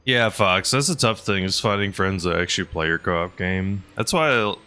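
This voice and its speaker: Low-voiced man streaming a game. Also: moderate pace. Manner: relaxed, laughs often, chats with viewers. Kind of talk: casual gameplay commentary to chat.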